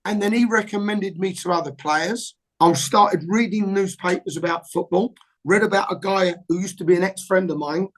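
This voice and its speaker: A man's voice: sits high, moderate pace, a little hiss or hum, rough recording. An older man, a football agent guest telling anecdotes in an interview and acting out both sides of old conversations. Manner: lively storyteller who acts out both sides of old phone calls.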